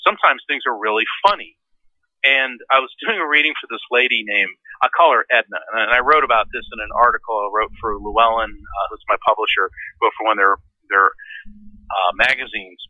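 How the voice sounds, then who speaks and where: A man talking as a guest on an interview show, telling stories with animated, high-pitched acted-out voices. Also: a little fast, no room sound, narrow, tinny audio. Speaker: guest, lawyer and medium. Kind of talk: interview storytelling.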